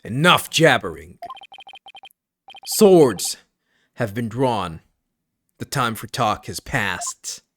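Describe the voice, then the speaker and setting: A man's voice: mid-range voice, sing-song, very slow, long pauses, a bit bright, a little hiss or hum, exaggerated voice. A man voicing a grim, theatrical samurai prosecutor in a video game, speaking with solemn, archaic declamation.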